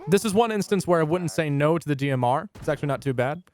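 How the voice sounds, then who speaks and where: Brief: young male gaming guide narrator, slightly high voice, deadpan jokes dropped into the walkthrough. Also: quick pace. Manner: dry, jokey asides. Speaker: gaming YouTuber. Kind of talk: scripted game guide narration.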